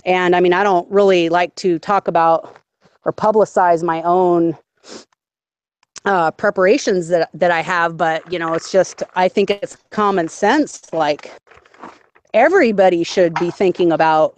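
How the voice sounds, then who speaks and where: A woman's voice: fairly low pitch, darkish tone, dry recording. A woman in casual chat on a live stream call from her home, earnest and chatty with many fillers. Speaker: guest. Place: at home in the countryside.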